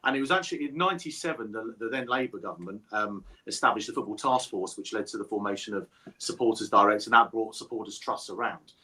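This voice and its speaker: A man being interviewed as a supporters trust chairman, measured and repeating words as he thinks. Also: lowish voice, bright, forceful tone. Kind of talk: casual interview answers.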